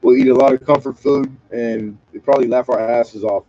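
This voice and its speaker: A man's voice: medium pitch, fairly even intonation, fairly quick, mellow, dry recording. Man from southern california, rambling, profane, joking, dry dull stream audio. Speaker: livestream host. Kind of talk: casual late-night livestream chat.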